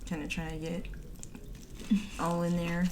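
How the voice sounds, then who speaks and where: Easygoing woman with a lowish voice, laid-back mukbang co-host, faint room noise. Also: completely flat delivery, a little slow. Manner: easygoing, agreeable, laughs often. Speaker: vlogger's sister, co-host. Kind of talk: casual mukbang chat. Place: home, indoors.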